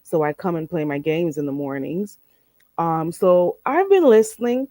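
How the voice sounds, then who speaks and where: A woman's voice: lowish voice, lively intonation, normal speed, mellow, no echo. A woman hosting a casual livestream, chatty and blunt, teaching phrases with many fillers.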